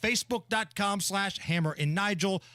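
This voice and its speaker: A man co-hosting a talk radio show, talking in an animated, sarcastic way into a studio microphone. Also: sits high, moderate pace, no room sound. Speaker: radio co-host.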